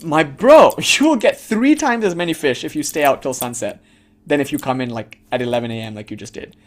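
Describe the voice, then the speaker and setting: A man's voice: on the high side, expressive, a little fast, lightly acted. A man voicing a pushy middle-aged New York businessman who eagerly lectures and hands out advice.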